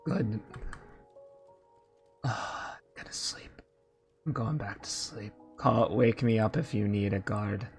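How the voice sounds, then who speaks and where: A man's voice: lowish voice, little pitch movement, moderate pace, few pauses, darkish tone, close to an everyday voice. A man voicing a sleepy, cold-blooded male snake man who guards a house in a tabletop game, with a drowsy, plain-spoken manner. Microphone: home mic on an online call. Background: background music.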